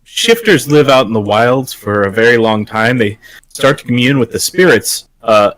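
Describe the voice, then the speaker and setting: Male player, mid pitch, dry sound. Hesitant, lots of fillers. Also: lively intonation, moderate pace, fairly bright tone, dry recording, rough recording. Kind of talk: tabletop game play.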